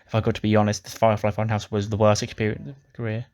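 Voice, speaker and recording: A man's voice: on the low side, completely flat delivery, rapid-fire, darkish tone, lightly acted. Man doing a brash boastful wrestler. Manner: brash, swaggering promo talk. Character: boastful veteran male wrestler.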